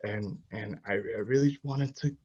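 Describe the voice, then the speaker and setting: A man's voice: fairly low pitch, measured pace, husky, highs cut off. A young man giving a personal faith testimony, telling his story with strong feeling and many restarts. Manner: emotional storytelling, rising and louder at the climax, many restarts.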